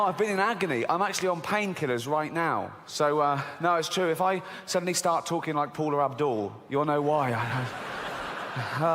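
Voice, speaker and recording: A middle-aged man doing a stand-up comedy routine on stage, animated and laughing at his own jokes. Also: fairly high pitch. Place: large theater stage with a live audience. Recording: live hall recording with long reverb.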